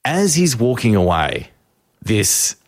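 Lively man telling a story. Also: on the low side, slow pace, dry recording, studio quality. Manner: animated storyteller, acts out voices. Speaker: radio host. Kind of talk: casual radio chat.

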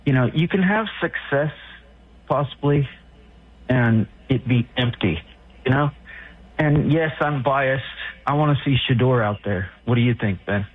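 A man's voice: mid-range voice, a little slow, breathy edge. A man calling into a sports radio show, talking hesitantly with lots of fillers. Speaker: caller. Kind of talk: call-in radio talk. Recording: phone line.

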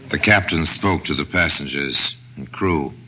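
A man giving measured, dramatic narration for an old radio drama. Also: very deep voice, pushed and bright, slight background noise.

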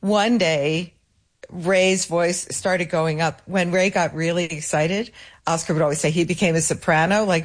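Lower-voiced woman telling lively anecdotes. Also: measured pace. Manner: lively storyteller who acts out quoted voices. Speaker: guest, keeper of a late pianist's legacy. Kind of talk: conversational interview answers.

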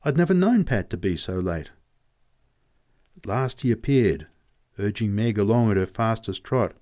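A man reads a story aloud in a steady, measured audiobook narration. His voice sits on the lower side, calm and unhurried in its telling.

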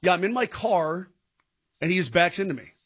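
A man's voice: sits high, expressive, a little fast, a bit bright, breathy edge. A man co-hosting a sports radio show, telling a story in a rambling, stammering way. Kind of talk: casual radio banter. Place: radio studio.

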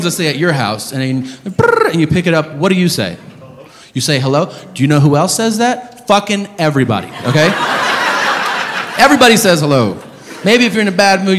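A male stand-up comedian telling a story in an exasperated, profane, emphatic way, on a comedy stage. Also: fairly high pitch. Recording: reverberant hall with audience noise.

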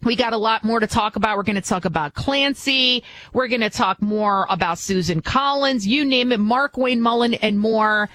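A woman's voice: on the high side, normal speed, fairly bright tone, no room sound. A middle-aged woman from the New York area, filling in as a talk radio host and delivering a blunt, emphatic, mocking opinion monologue.

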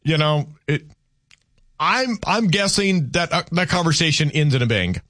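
A man's voice: on the high side, animated, normal speed, pushed and bright, no echo. A man hosting a call-in radio talk show in a studio, chatting casually and rambling with self-deprecating humor. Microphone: studio mic.

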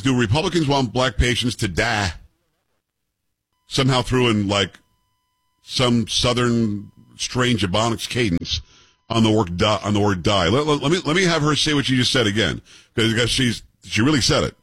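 A man's voice: medium pitch, expressive, moderate pace, a bit bright, slightly rough, no room sound. A man in his fifties hosting a commentary show, arguing with clips in a combative, sarcastic way and firing off rhetorical questions. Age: 50s.

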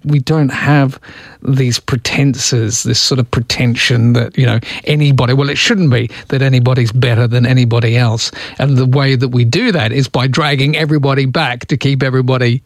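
A man's voice: mid-range voice, moderate pace, no room sound, clean studio sound. An Australian man hosting a talk radio show, chatty and emphatic, talking with a caller. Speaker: radio host. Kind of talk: casual talk radio chat.

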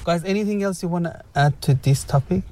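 Encouraging man with a mellow voice. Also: high voice, fairly quick, slight background noise. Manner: encouraging, guiding, repeats words. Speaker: host. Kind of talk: casual discussion.

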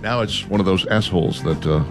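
A man's voice: low-pitched, fairly quick, over music. A man co-hosting a casual political chat, joking and rambling with mock-pleading asides. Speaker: co-host.

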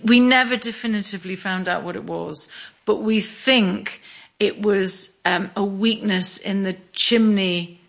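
A middle-aged woman from Scotland telling her story in an interview, measured, with small restarts. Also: medium pitch, creaky, fairly bright tone. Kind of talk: reflective interview.

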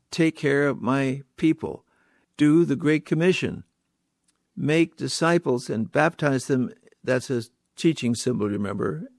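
A man's voice: mid-range voice, vocal fry, a little mellow, dry recording, clean studio sound. A man preaching a sermon, stressing key words by repeating them and putting rhetorical questions to his listeners.

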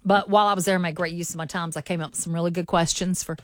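Southern woman morning-show host, dry close mic, lively storyteller who talks to listeners as y'all. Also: on the low side, very fast, dry recording. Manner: chatty, animated, addresses listeners as y'all. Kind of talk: casual on-air storytelling.

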